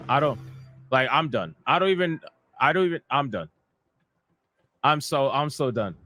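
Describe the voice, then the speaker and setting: A man's voice: mid-range voice, expressive, normal speed, long pauses, sharp tone, dry recording, soft background music. Exasperated man ranting about a game. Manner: exasperated, profane, repetitive ranting. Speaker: gaming commentator. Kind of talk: casual ranting commentary.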